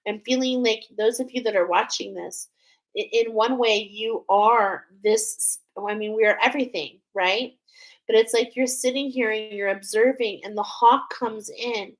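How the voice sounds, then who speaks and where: Tearful soft-spoken woman reading oracle cards. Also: a little high, steady tone, normal speed, rough recording. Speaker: oracle card reader. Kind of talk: spiritual card reading vlog.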